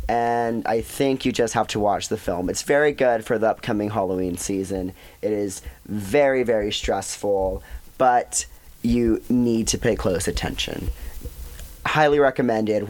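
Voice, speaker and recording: A man's voice: mid-range voice, darkish tone. A young American man co-hosting a podcast, chatting casually in a playful, giggly, self-mocking way. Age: young adult. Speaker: podcast co-host. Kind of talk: casual chat.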